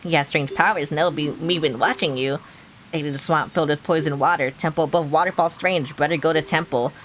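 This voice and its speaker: A woman's voice: deep voice, fairly even intonation, a little fast, slight background noise, natural voice. A woman voicing a desperate monkey from a video game who speaks in clipped, broken phrases and pleads for help. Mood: pleading. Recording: game music playing underneath.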